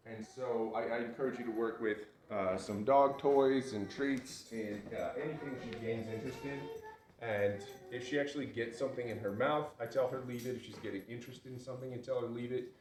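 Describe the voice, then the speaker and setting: A man's voice: medium pitch, brisk. Man dog trainer, distant roomy sound. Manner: relaxed, instructive, praising the dog. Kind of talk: outdoor training demonstration. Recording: roomy, distant mic with loud noise.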